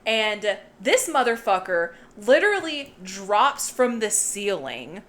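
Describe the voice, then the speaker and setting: A woman's voice: medium pitch, sing-song, takes it slowly, fairly bright tone. A woman co-hosting a podcast, casually recapping a horror movie with lots of swearing and joking. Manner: profane, laughing, retelling plot with put-on quotes. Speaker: podcast co-host.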